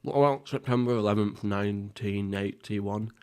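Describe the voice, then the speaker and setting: A man's voice: on the low side, moderate pace, darkish tone, clean tone. A young man hosting a casual mukbang podcast, rambling and swearing, often laughing at himself. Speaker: podcast host. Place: at home, seated.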